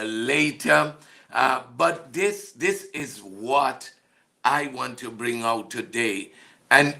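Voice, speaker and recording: Male ministry host, unhurried delivery with a gravelly edge; chatty and hesitant, addresses listeners by name. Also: medium pitch, pushed and bright. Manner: hesitant, many fillers, greets listeners by name, laughs heartily. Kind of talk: casual devotional broadcast chat. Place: home studio room.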